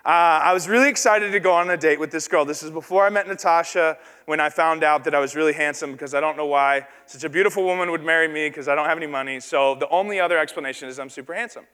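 A man's voice: fairly high pitch, fast talker, hardly any pauses, pushed and bright, clear, resonant tone. A man in his thirties preaching a sermon, telling a self-deprecating personal story and acting out the voices in it. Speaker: pastor. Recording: long reverb of a large hall.

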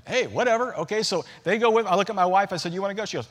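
Middle-aged male pastor, fairly high voice, chatty storytelling sermon with jokes. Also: expressive, racing. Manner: storytelling, conversational, humorous asides.

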